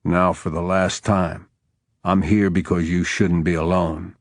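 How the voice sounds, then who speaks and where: A man doing a gruff, surly lawman. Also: deep voice, flat delivery, unhurried, no echo, clean studio sound. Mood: irritated. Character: surly, guarded widowed male lawman.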